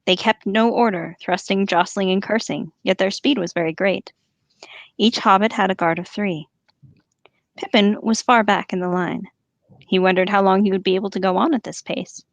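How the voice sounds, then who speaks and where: A woman reads a long story aloud for her podcast, steady and engaged. Her voice has a gravelly fry at the edges, and the sound is dry and close with no room echo. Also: medium pitch, normal speed, lo-fi sound. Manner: animated, laughs easily. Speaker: podcast host and reader. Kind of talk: reading a novel aloud with commentary.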